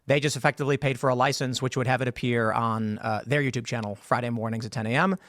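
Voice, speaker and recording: A podcaster explaining his show's licensing deal, halting with restarts. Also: mid-range voice, fairly even intonation, fairly bright tone, no room sound. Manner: halting, many fillers and restarts. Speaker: podcaster being interviewed. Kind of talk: explanatory statement in a played clip.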